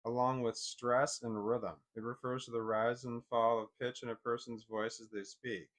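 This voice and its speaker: A man talking to himself as he reads, stopping to repeat words and mock his own confusion. His pitch sits in an ordinary middle range, and the delivery is loose and unscripted. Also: little pitch movement. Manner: rambling, self-deprecating, reads text aloud haltingly. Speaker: vlogger. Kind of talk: casual thinking aloud while reading.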